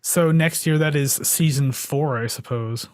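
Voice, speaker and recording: Rambling young man, higher voice, dry sound. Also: unhurried, a little mellow, no room sound. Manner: rambling, filler-heavy, laughs often. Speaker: podcast co-host. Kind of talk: casual chat.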